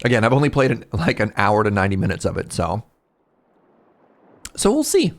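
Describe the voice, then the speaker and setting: Lively-voiced male streamer chatting. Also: fairly low pitch, brisk. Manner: rambling, self-interrupting, animated outbursts. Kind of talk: casual chat with live chat.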